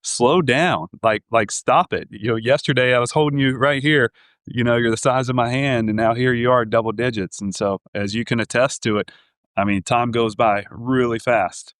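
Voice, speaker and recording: A man co-hosts a podcast in a friendly, conversational manner. His voice is mid-pitched. The sound is close and dry. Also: fairly even intonation, normal speed, a bit bright, smooth, no echo. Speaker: podcast co-host. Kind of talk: casual interview chat.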